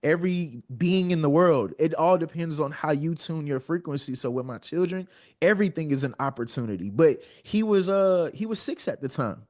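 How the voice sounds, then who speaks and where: A man's voice: fairly high pitch, animated, moderate pace, darkish tone. A man in his thirties, a podcast guest, speaking earnestly and often repeating words as he builds a point. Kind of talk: heartfelt conversational storytelling.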